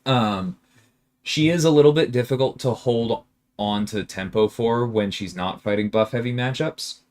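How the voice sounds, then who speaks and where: Medium in pitch and moderate in pace, this male streamer plays a game while casually answering his audience. He voices their questions aloud, then responds with animated, emphatic outbursts of exasperation mixed with laughs.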